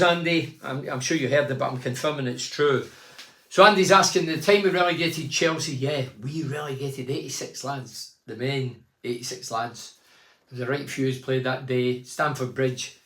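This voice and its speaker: A man's voice: medium pitch, moderate pace, a bit bright. A man in his sixties hosting a casual phone-in, reading out fans' messages and telling stories from his playing days. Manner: chatty storytelling, reads fans' messages aloud. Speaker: phone-in show host and former footballer. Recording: echoey room.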